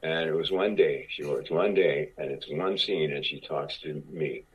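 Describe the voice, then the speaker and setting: A man's voice: a bass voice, moderate pace, breathy edge. A man in his sixties telling long stories as a guest in a casual interview, often restarting and repeating words. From Cuba. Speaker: actor guest. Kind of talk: conversational storytelling. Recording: dull lo-fi podcast audio.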